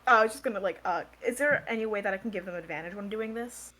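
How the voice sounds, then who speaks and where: A woman playing a tabletop game, chatting casually with quick asides. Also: medium pitch, pushed and bright. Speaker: player. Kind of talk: tabletop role-play chat.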